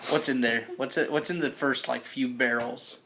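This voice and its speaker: A man's voice: medium pitch, fairly even intonation, moderate pace, sharp tone, a little hiss or hum. A man casually describing his character's actions in a tabletop game. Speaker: player.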